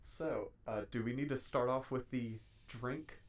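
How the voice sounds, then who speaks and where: A man's voice: medium pitch, steady tone, unhurried. A young man, a streamer appearing as a podcast guest, chatting casually with dry, easygoing humor. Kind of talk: casual chat.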